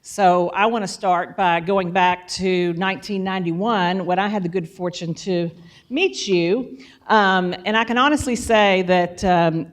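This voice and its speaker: Eager woman hosting a stage talk. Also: mid-range voice. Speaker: host and interviewer. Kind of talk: hosting a live stage conversation.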